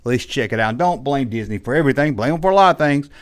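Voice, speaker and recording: A man's voice: mid-range voice, animated, fast. A man ranting in a rambling, exasperated monologue about the toy business, slipping into mock quotes. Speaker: toy collector YouTuber. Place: indoors, audio only.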